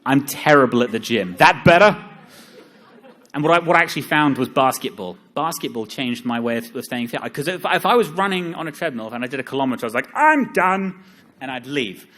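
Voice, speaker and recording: A man's voice: medium pitch, quick pace, few pauses. Joking man giving a seminar talk. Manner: joking, self-deprecating, lively asides. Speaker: seminar speaker. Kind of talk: live seminar talk with audience.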